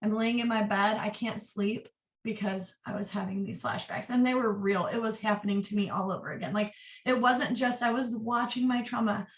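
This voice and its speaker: A woman in her twenties, an interview guest, sharing a personal story candidly and earnestly, in quick bursts. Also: medium pitch, fairly even intonation. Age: 20s. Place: office. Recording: roomy echo, distant mic.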